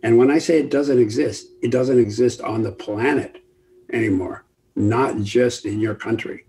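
An older man speaking as a guest expert on an online panel call, emphatic and lively, often acting out quoted voices. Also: mid-range voice, moderate pace, slight background noise. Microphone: video call.

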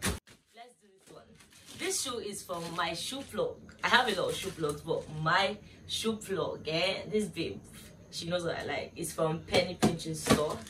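A woman's voice: fairly low pitch, animated, measured pace. Chatty young woman, distant mic. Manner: chatty and gushing, talks straight to viewers. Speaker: vlogger. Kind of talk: casual unboxing chat to viewers. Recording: distant mic with clear room noise.

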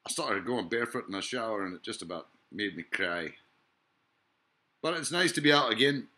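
At normal speed, a man with a lowish, bright, forceful voice and lively intonation rambles through a profane monologue. Hesitations and filler sounds pile up while he muses, drifts off topic, and asks rhetorical questions.

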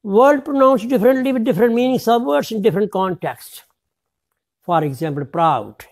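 A man's voice: high-pitched, lively intonation, normal speed, darkish tone. A man giving a lecture to teachers, stressing words and spelling them out letter by letter. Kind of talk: classroom lecture.

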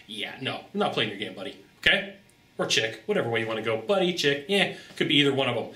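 A man coaching on sales in an animated, joking way, often jumping into high, acted-out voices. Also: fast, roomy sound. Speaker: sales trainer. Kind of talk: energetic motivational sales coaching monologue.

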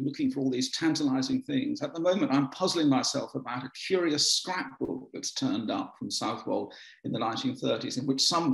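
A man's voice: mid-range voice, vocal fry, roomy sound, rough recording. A man giving a biographer's talk, telling anecdotes with many restarts and ums in a dry, wry way.

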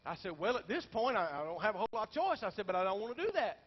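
Animated preacher with a high voice. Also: male voice, very fast, slightly rough. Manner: animated, climbing into shouted peaks, folksy asides to the congregation. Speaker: pastor. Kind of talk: storytelling sermon. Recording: dull lo-fi sound with faint background noise.

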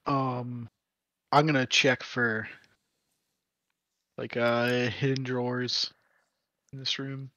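Joking d&d player guy, bright voice, takes his time. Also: mid-range voice, level tone, slow pace, pauses often, dry recording, highs cut off. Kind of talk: casual tabletop game chat.

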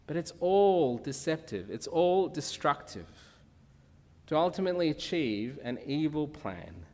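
A man's voice: a little high, very animated, measured pace, dark tone. A male preacher giving a conversational sermon, often putting questions to the congregation. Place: church. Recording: long reverb of a church hall.

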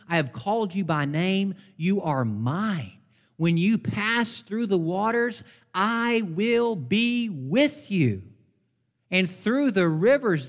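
A man preaching a sermon as pastor, fervent, slowing down to stress key words. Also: high-pitched. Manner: fervent, slows down for emphasis. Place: church sanctuary. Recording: long hall reverb in a church.

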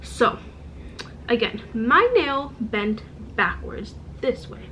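A woman vlogger telling a story in a casual, animated and exasperated way, demonstrating with objects as she goes. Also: fairly high pitch, slow pace, highs cut off, slight background noise. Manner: demonstrates with objects while talking.

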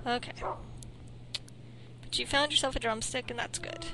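High-voiced woman commenting on a game. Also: normal speed. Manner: animated, exclaims and scolds the game. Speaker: let's play host. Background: game music.

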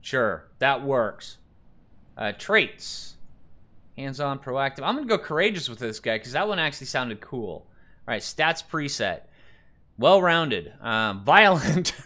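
This is a man giving relaxed let's-play commentary, chatting to himself as he clicks through options and reads the on-screen text aloud. His voice is bright and forward, and his pitch swings up and down as he goes. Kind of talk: casual gameplay commentary.

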